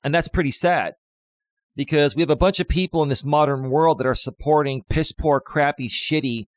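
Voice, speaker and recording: A man hosting a life coaching live stream, speaking with a slight cold and a little out of breath, repeating his main points slowly for emphasis. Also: a little high, dry recording. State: has a cold, a bit out of breath.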